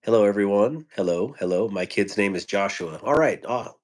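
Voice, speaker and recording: A man's voice: fairly low pitch, normal speed, a little mellow. A man hosting a casual live stream from home on his phone, greeting viewers by name with rambling, joking asides.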